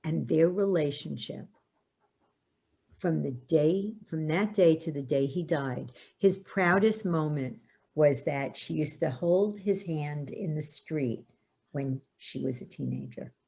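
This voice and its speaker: Older woman guest, low husky voice with a gravelly edge, animated anecdote teller. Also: takes it slowly. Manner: animated storyteller, acts out quotes. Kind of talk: storytelling in a podcast interview.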